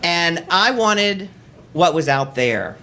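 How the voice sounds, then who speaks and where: A man from Texas hosting a live storytelling show in a cabaret, telling a personal story in a wry, animated way and often laughing as he goes. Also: on the high side, takes it slowly, a little hiss or hum. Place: cabaret stage before an audience.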